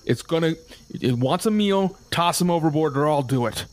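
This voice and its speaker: A man voicing a ruthless, gruff male boat leader who gives blunt, harsh orders. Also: on the high side, lively intonation, moderate pace, voice pushed up, lightly acted.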